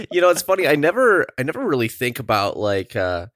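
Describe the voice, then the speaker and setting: Animated male podcast host. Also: a little high, fairly quick, dry recording, clean studio sound. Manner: animated, laughing, rambling asides. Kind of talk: casual chat.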